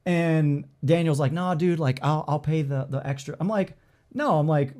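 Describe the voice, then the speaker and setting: A man co-hosting a podcast, telling a story in casual chat, animated, swearing freely and acting out the dialogue with lots of "like". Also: fairly high pitch, moderate pace. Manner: filler-heavy, lots of "like" and "I'm like".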